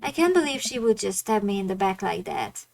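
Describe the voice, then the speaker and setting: A woman's voice: mid-range voice, big pitch swings, a little fast, vocal fry, slight background noise. Woman reading a hurt teenage girl. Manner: plain read-aloud game dialogue. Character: hurt, upset teenage girl betrayed by friends.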